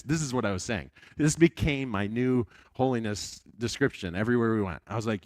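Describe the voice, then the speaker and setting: Man, evangelist, deep low voice, animated storytelling sermon, dry close sound. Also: brisk, no room sound. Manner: chatty, animated storytelling with frequent restarts. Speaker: evangelist preacher. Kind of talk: storytelling Sunday school sermon.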